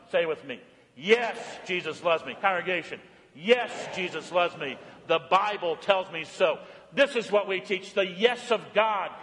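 A male preacher with a high, ringing voice delivers a sermon in a church. He moves from loud, emphatic calls down to soft, hushed tones. His voice carries a long reverb through the hall. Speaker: pastor.

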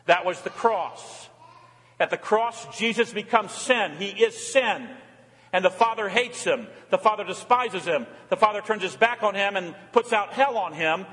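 An older male pastor preaches with earnest, swelling emphasis. His voice sits high for a man, and it rings out with a long reverb through the church sanctuary. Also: expressive, a little slow, a bit bright. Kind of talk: sermon.

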